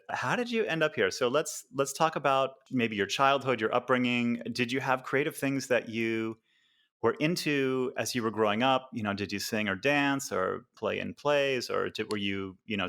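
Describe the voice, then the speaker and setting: An American man hosting a podcast interview, friendly, with frequent chuckles and halting fillers. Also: on the low side, fairly bright tone. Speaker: podcast host.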